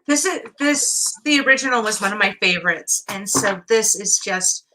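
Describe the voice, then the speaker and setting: A woman's voice: mid-range voice, animated, normal speed, pushed and bright, rough recording. A woman guest chatting casually and gushing with enthusiasm. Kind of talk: casual chat.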